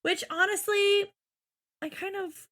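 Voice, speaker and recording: A woman's voice: extremely high pitch, fairly even intonation, slow pace, fairly bright tone. A woman co-hosting a podcast, recapping a show in casual chat, exasperated and swearing often as she acts out what people said. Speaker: podcast co-host.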